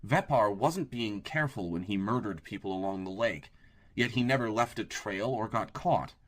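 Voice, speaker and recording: A man with a fairly low-pitched voice narrates an audiobook at normal speed. His storytelling stays steady and even.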